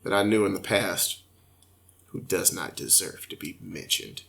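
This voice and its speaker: Young guy on a podcast, bright voice, slangy storytelling, swears a lot. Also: sits low, a little slow, gravelly. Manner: animated storyteller, slangy and profane. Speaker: podcast host. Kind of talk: casual chat.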